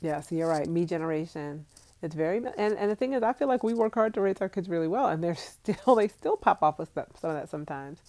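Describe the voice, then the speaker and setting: A woman's voice: on the low side, expressive, fast talker, warm tone. A woman in her thirties from the United States, chatting casually on a phone livestream, laughing often and answering viewer comments. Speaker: vlogger reading live chat.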